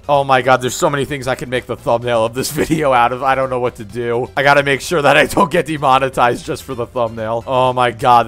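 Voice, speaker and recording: A man hosting a commentary video, talking in an exasperated, mocking and animated way about a streamer's clips. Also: medium pitch. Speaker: commentary channel host. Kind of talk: reaction commentary.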